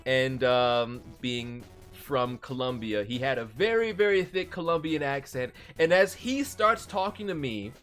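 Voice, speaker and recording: A man, a voice actor, hosting a casual live stream and answering viewer messages, chatty and animated. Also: medium pitch, unhurried, few pauses, soft background music. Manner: chatty and animated, often laughing.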